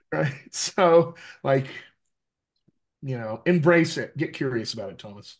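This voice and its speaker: A middle-aged man leads a workshop as a dialect coach. He talks emphatically and casually, checking in with his listeners as he goes. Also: mid-range voice. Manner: emphatic, conversational, frequent "right?" checks. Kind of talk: teaching an online workshop.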